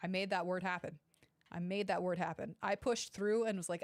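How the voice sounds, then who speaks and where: A woman's voice: on the low side, steady tone, fairly quick, no room sound, clean studio sound. A woman casually commenting through a game playthrough, chatty, giggly and self-deprecating. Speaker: gaming streamer.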